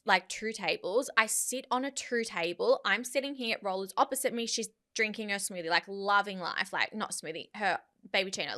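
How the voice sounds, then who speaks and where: A woman in her thirties with an Australian accent, telling an animated, indignant story as a podcast co-host in casual chat. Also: medium pitch.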